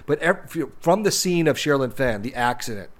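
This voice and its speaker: A man talking through films in a loose, casual way, circling back on his words and restarting his sentences as he thinks aloud. His voice sits at an ordinary middle pitch. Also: animated, normal speed. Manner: rambling, many restarts and repeated words. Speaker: podcast co-host discussing films. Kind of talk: casual film discussion.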